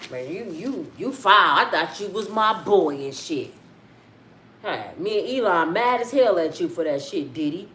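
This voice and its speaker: A woman putting on an older male president who grumbles at a former friend in a low, mumbling voice. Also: lively intonation, unhurried, fairly bright tone, roomy sound, slight background noise. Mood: aggrieved.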